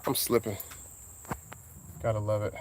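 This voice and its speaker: A man's voice: monotone, a little hiss or hum. Laid-back Southern man rambling. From Southern United States. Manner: laid-back, drawn-out talk with sudden high exclamations. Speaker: car vlogger. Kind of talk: casual rambling monologue.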